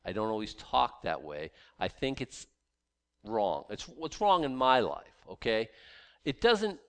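A man teaches from scripture in loose, conversational talk, his pitch leaping up and dropping down as he goes. He trips over restarts and leans on sarcasm to make his point. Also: a little slow, clean tone. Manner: animated, sarcastic asides, frequent restarts. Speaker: Bible teacher.

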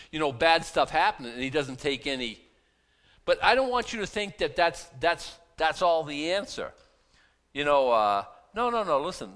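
Man, pastor, conversational sermon, rhetorical questions, lively pitch.

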